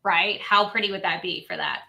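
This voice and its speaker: A woman's voice: on the high side, animated, moderate pace, bright, forceful tone, poor audio. A woman hosting a live embroidery demo, chatty and gushing, laughing often and sounding a little congested. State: congested, says she is on cold medicine. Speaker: host demonstrating embroidery. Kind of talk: casual live demo chat.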